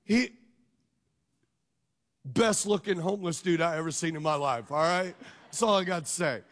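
A middle-aged male pastor preaching a sermon, telling a personal story in an animated way and putting questions to his congregation. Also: on the high side, moderate pace.

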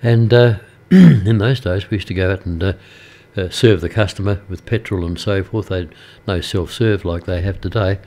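Rambling older Australian radio presenter. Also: male voice, low-pitched, normal speed, dark tone. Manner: rambling and hesitant, many uhs. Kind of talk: casual radio chat. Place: radio studio.

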